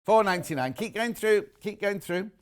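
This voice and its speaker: A man's voice: high voice, expressive, moderate pace, smooth. A man with a British accent presenting live on a TV shopping channel, chatting casually and reading out viewer messages. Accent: British English. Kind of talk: live TV sales chat.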